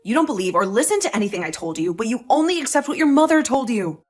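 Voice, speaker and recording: A woman plays a wronged young wife who answers back with sarcasm and indignation. Her voice is high and moves freely up and down. Faint music plays behind her. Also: expressive, fast talker. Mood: indignant. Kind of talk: voiced drama story.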